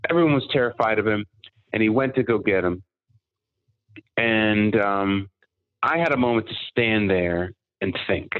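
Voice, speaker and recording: A man telling personal stories as a podcast guest, in an animated anecdotal way. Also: mid-range voice. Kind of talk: casual storytelling. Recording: tinny phone-like line.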